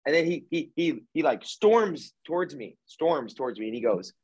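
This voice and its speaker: Animated storytelling man, dull dry sound. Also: a little high, normal speed, breathy edge, dry recording. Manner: lively retelling, acting out quoted dialogue. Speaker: hypnotherapist guest.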